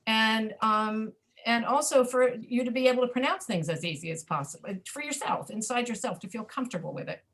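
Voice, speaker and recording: A woman's voice: a little high, brisk, a bit bright. A woman teaching a pronunciation class over a video call, explaining patiently and checking in with her students. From Florida, USA.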